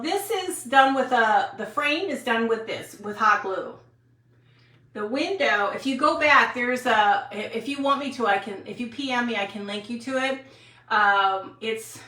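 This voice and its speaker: A woman in her sixties from Wisconsin rambles cheerfully through a home craft livestream and stops often to answer viewers. Her voice is bright and sits a little high. She is some distance from the mic in a room with a roomy echo. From Wisconsin, USA. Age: 60s. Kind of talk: casual craft livestream chat.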